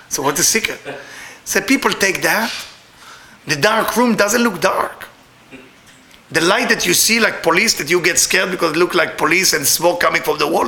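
A middle-aged man telling a personal story in broken English, animated and laughing often. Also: high voice, normal speed, creaky, reverberant.

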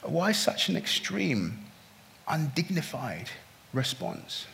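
A man preaching a sermon in a church, his voice pitched a little high for a man. He moves between quiet, drawn-out phrases and loud, pleading bursts. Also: big pitch swings, gravelly, slight background noise. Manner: impassioned, swings from hushed to loud pleading. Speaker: pastor.

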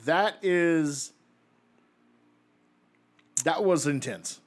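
A man co-hosting a casual podcast, recapping old wrestling shows as an animated storyteller who laughs often. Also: on the high side, very slow. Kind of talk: casual chat.

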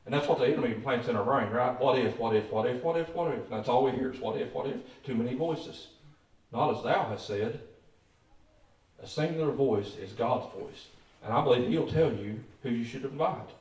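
A man's voice: mid-range voice, a little fast, darkish tone. A man preaching a sermon as pastor, telling folksy stories and calling out to his congregation. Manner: folksy storytelling with emphatic calls to the congregation. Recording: echoey church hall, distant mic.

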